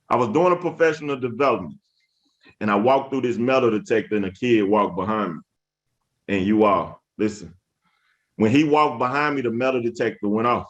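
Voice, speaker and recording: A man's voice: medium pitch, a little fast, lo-fi sound. A man in his thirties giving a webinar talk to teachers, telling stories in an emphatic, preacher-like way, repeating phrases and calling on the audience. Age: 30s. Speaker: education speaker.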